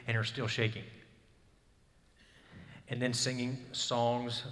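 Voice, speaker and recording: Under hall reverb, a pastor in his thirties preaches with a flat delivery at normal speed, leaving long pauses in his mid-range, slightly bright voice. He shares a personal story earnestly and rises to emphatic bursts.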